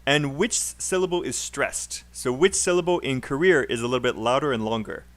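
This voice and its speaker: A man's voice: mid-range voice, fairly quick, fairly bright tone. A man teaching English pronunciation in a live online class, encouraging and laughing often as he corrects students.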